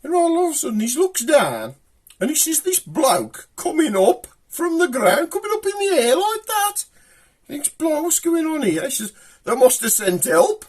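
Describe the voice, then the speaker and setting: A man's voice: extremely high pitch, huge pitch swings, moderate pace. A man with a Black Country accent hosting a comic show, telling a long joke in a rambling, chatty way. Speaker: host.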